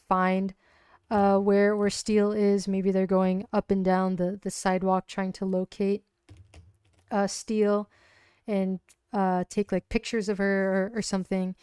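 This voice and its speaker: Woman livestreaming her solo ttrpg, slow rambly narration, very clean voice, dry sound. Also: mid-range voice, smooth, no echo. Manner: rambling, full of likes and ums, giggly. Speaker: solo tabletop player and streamer. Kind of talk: casual livestream game narration.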